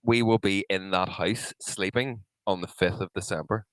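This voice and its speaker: Male co-host, lower voice, easy storytelling and teasing, dry close sound. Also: fairly even intonation, moderate pace, no room sound, low-quality recording. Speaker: podcast co-host. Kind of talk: casual chat.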